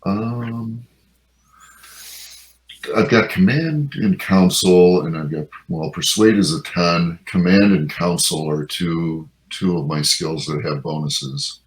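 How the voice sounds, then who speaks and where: Casting: male tabletop player, extremely low voice, hesitant thinker. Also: takes it slowly, low-quality recording. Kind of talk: casual tabletop chat.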